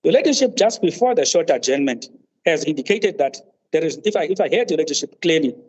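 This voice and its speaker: A man's voice: on the high side, darkish tone. Deferential male counsel arguing over a video call. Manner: deferential, says "my lady" constantly, halting restarts. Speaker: counsel in a tribunal hearing. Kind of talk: formal legal argument. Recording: muffled video-call audio.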